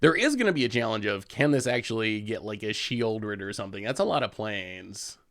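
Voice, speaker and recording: A man's voice: fairly low pitch, lively intonation, fairly quick, vocal fry, fairly bright tone. A man hosting a show, giving casual commentary on a card game as he plays, chatty and laughing often. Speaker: host.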